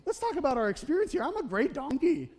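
A high, squeaky talking donkey, put on by a preacher in a storytelling retelling. It pleads in a rush and climbs sharply in pitch. Its delivery swings widely from phrase to phrase. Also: male voice, big pitch swings, fast, darkish tone. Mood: pleading.

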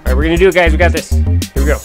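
A man giving casual, excitable commentary while playing a racing game, talking to himself and the game and sniffling from allergies. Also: a little high, rapid-fire. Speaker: gameplay commentator. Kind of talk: casual let's play commentary. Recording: game music playing behind.

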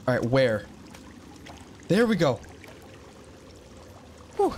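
A man plays a survival horror game for his gaming channel, commentating as he goes in a slightly high, expressive voice at normal speed. Jumpy and frightened, he exclaims at scares and talks to himself. Slight background noise is audible.

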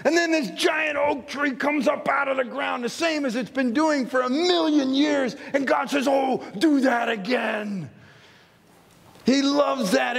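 Man, pastor, sermon, very high voice, husky, long church reverb. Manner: storytelling, acting out little scenes. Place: church sanctuary.

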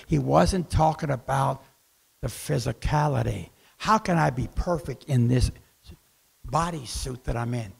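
A man preaches a sermon as the church's pastor, his voice set high with a rough, gravelly edge. He swings from loud bursts to hushed asides and acts out the voices in his quoted dialogue.

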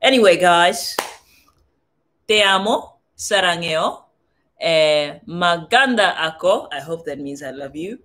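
A woman's voice: fairly low pitch, slow pace, pauses often, a bit bright. A young woman from Southern Africa hosting a casual livestream, chatting with viewers, reading their comments aloud and trying out phrases from other languages. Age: young adult. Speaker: livestream host.

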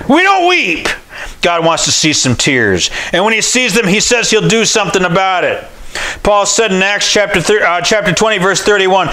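A man preaching a revival sermon, impassioned and folksy, rising to shouts on repeated phrases. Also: sits high, low-quality recording. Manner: folksy and conversational.

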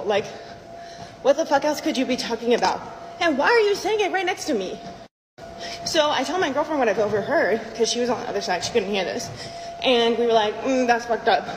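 High-voiced woman, indignant storytime rant, roomy echo and faint noise. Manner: indignant, rants in disbelief. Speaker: storyteller in a played clip. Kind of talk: casual storytime. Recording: echoey room with faint background noise.

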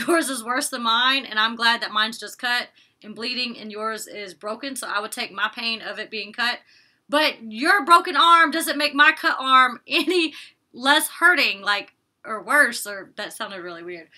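A woman's voice: on the high side, sharp tone. A young woman recapping a reality show in a casual vlog, chatty and opinionated, cursing freely as she acts out what the cast said. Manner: chatty and opinionated, recaps scenes with quoted lines, curses casually.

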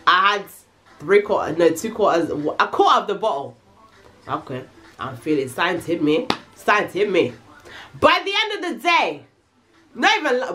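Animated young woman telling a story. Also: mid-range voice, a little hiss or hum. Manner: animated, slangy, swearing. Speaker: vlogger. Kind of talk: casual storytime.

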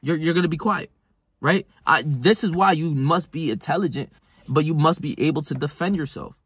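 A man's voice: a little high, moderate pace, fairly bright tone, husky, no echo. A young man giving a blunt, profane motivational talk, full of "right?" and restarts. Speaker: self-help vlogger. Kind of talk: casual motivational monologue to camera.

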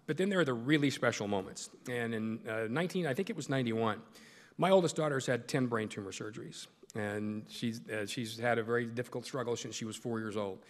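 In a large meeting hall with long, echoing reverb, a middle-aged male sportscaster gives a folksy, joking speech to a club as guest speaker. His voice sits at medium pitch and moves fairly quickly.

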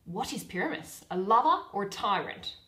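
A woman's voice: medium pitch, very animated, moderate pace, sharp tone, reverberant, rough recording. A woman voicing a boastful, eager male weaver who declaims every line grandly.

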